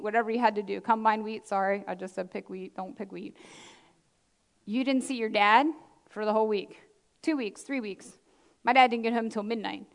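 A middle-aged woman pastor with a high voice preaches to her congregation. She is earnest and emphatic, repeats her key lines and slips in casual asides. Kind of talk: sermon.

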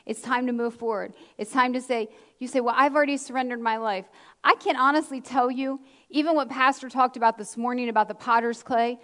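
A woman's voice: high voice, a bit bright. A middle-aged woman pastor preaching a sermon, earnest and emphatic, repeating key phrases and dropping in casual asides.

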